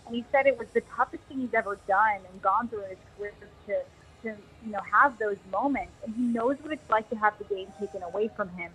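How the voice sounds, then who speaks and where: A woman's voice: mid-range voice, fast, fairly bright tone, slightly rough, rough recording. A woman talking baseball as an analyst on a pregame radio show, chatty and self-deprecating. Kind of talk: casual sports chat.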